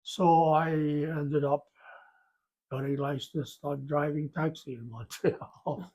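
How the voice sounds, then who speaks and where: An old man in his nineties recalls his life for an interviewer, halting along with restarts and soft chuckles. His voice is slow, husky and mellow. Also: a little high, steady tone. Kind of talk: storytelling interview.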